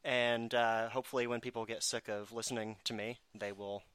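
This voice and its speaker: A man's voice: medium pitch, flat delivery, brisk, fairly bright tone, slight background noise. A man hosting a casual podcast chat, snarky and self-mocking as he talks. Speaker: podcast host.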